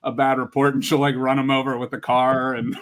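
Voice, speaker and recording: A man's voice: mid-range voice, level tone, brisk, a bit bright. A man hosting a casual podcast movie draft, talking enthusiastically and laughing as he goes.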